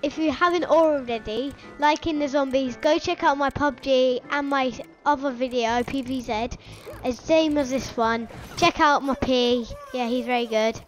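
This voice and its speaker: A woman's voice: sits high, moderate pace, faint music behind. A woman hosting a gaming channel, giving playful commentary over her match and teasing her teammates. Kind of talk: gameplay commentary.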